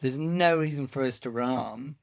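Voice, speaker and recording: A man's voice: mid-range voice, normal speed. Ranting man podcast host. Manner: ranting, emphatic complaints. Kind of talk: casual chat.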